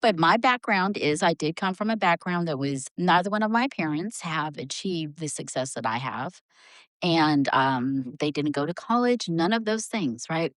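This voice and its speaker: A middle-aged woman and HR leader, a podcast guest, telling a story in a lively conversational way. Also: low-pitched, moderate pace, no echo. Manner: animated, acts out voices in her stories.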